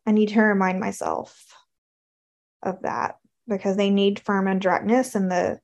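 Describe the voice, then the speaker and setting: A woman's voice: medium pitch, little pitch movement, moderate pace, gravelly, a little mellow, dull audio. A woman from the American South talking through her thoughts in a conversation, thoughtful and hesitant with many fillers. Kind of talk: casual reflective conversation.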